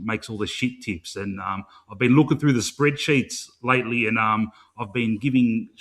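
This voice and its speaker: A man's voice: on the low side, fairly bright tone. Rambling matey Australian man hosting. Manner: rambling, matey, swears freely, many fillers. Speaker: fan show host. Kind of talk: casual live-stream chat.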